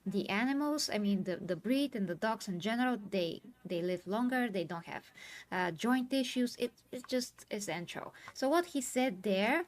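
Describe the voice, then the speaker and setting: A woman hosts a commentary panel, speaking earnestly and with clear emotion as she explains her view at length. Her voice sits in a middle pitch. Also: lively intonation, normal speed. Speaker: host.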